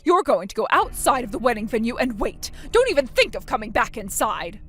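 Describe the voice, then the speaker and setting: A woman's voice: on the high side, sing-song, a little fast, a bit bright. A woman voicing a stern middle-aged mother in a texting story, cold and contemptuous as she scolds her daughter. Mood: scornful.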